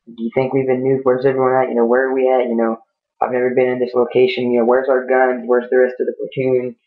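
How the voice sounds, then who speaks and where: A man's voice: medium pitch, completely flat delivery, fast talker, lightly acted. A man voicing an injured, anxious young male soldier who rambles and keeps saying "you know.". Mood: worried. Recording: tinny phone-like lo-fi audio.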